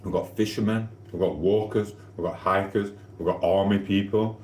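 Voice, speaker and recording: Deep-voiced man chatting on a livestream. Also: fairly even intonation, normal speed, a little mellow, reverberant. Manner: rambling, cheeky and flirty, eating while talking. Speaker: livestream host. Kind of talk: casual live-stream chat. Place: home kitchen.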